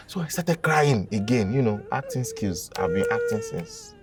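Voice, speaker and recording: A young Nigerian man telling a funny confession story in a casual, dramatic and animated way, with a gravelly voice. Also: medium pitch, moderate pace, distant mic. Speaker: guest.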